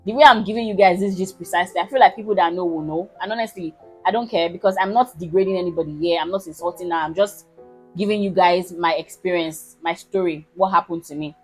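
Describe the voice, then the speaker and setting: A woman in her twenties with a Nigerian accent, telling a personal story to her viewers in a casual, animated, emphatic way. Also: fairly low pitch, quick pace, breathy edge, faint music behind, low-quality recording. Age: 20s. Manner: animated, emphatic, keeps asking listeners if they understand. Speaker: vlogger.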